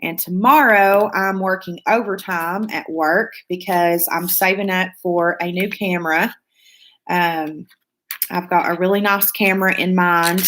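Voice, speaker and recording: A woman's voice: fairly low pitch, fairly bright tone, slight background noise. A woman hosting a casual beauty live stream, reading viewer comments aloud in a gushing, chatty way with lots of fillers.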